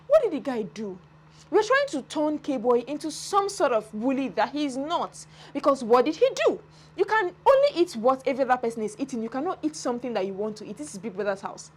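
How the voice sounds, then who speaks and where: A woman giving casual, animated commentary on a reality show, laughing often and acting out the people she talks about. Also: high voice, fairly quick. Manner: animated, laughing, dramatic retellings. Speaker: entertainment commentator.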